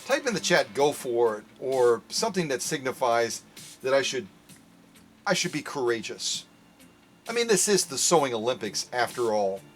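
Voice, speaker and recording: A man's voice: mid-range voice, sing-song, moderate pace, faint music behind. A man hosting a live premiere sewing demo, talking playfully to viewers as folks. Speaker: sewing machine restorer.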